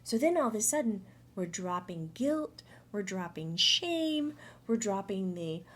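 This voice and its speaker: A woman talking through a monthly spiritual energy update in a chatty, animated way, often acting out inner voices. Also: mid-range voice, measured pace. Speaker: medium.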